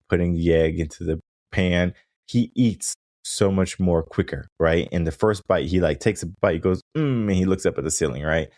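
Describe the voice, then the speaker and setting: A man's voice: deep voice, darkish tone, no echo, clean studio sound. A man hosting his own coaching podcast, talking casually and often checking in with "right?". He livens up when acting out things he or others say. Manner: casual, conversational, frequent "right?" tag questions. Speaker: podcast host and mindset coach. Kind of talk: solo podcast monologue.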